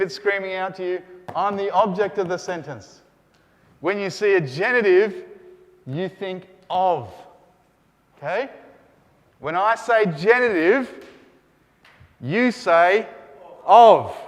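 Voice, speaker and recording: High-pitched energetic male Greek teacher. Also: slow pace, pauses often, in a large hall. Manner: energetic, call-and-response drilling, rising to shouts. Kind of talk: classroom lecture. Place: lecture room.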